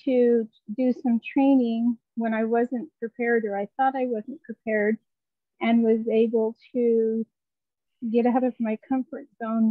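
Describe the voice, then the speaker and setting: A woman on a group call briefly sharing a work success in a calm, matter-of-fact way. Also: on the high side, dry recording. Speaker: call participant. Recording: tinny dry phone line.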